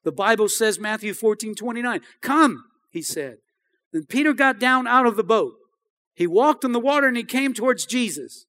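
A man's voice: very high voice, animated, normal speed, sharp tone. A man preaching a sermon as pastor, emphatic, often asking the congregation for an "Amen.". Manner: emphatic, repeats phrases and asks the congregation "Amen?".

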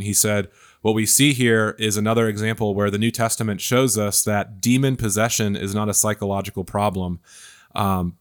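A man's voice: lowish voice, a bit bright. A man hosting a Bible study discussion, thoughtful and hesitant, with many fillers and restarts. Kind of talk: casual discussion.

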